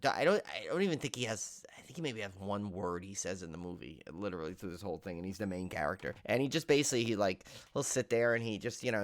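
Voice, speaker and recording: Low-ish voiced dude co-hosting a horror podcast, rambly, dry close sound. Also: male voice, no echo. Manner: rambling, halting, heavy use of "like". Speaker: podcast co-host. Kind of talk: casual film review chat.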